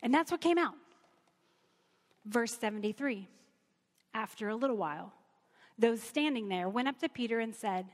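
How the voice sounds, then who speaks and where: Female Bible teacher, conversational and earnest, slightly high voice. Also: animated, a little slow, long reverb tail. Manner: earnest, conversational, reads scripture aloud.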